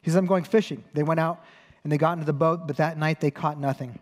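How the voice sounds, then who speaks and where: Man, pastor, sermon, conversational storytelling, wry humor, slightly high voice, long hall reverb. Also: flat delivery, fast. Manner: conversational storytelling with self-corrections. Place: church hall.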